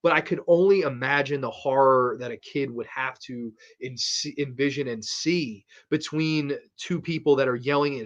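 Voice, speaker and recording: Brief: male podcast host, casual horror film review, animated and profane, middling pitch, dull lo-fi recording. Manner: animated, profane, rambling delivery.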